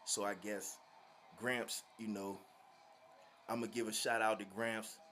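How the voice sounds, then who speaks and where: A man from Virginia telling a story to his viewers in a slangy, animated, laughing way. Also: on the low side, slow, slight background noise. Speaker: vlogger. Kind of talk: casual storytelling.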